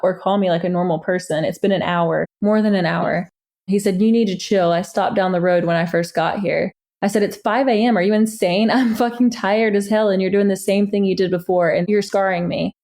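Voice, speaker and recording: A woman's voice: mid-range voice, a little mellow. A woman candidly recounting a painful relationship, reading old text messages aloud with exasperation. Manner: candid, exasperated, laughs at times. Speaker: interviewee recounting her story. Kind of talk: personal storytelling, reading texts aloud.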